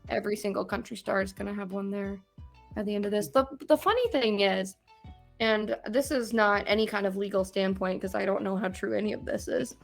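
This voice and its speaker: A woman's voice: mid-range voice, a little fast, vocal fry, soft background music. A woman in her twenties from Minnesota, co-hosting a casual podcast and telling stories with frequent laughter. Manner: chatty, laughs often, animated storytelling. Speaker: podcast co-host. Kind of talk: casual chat.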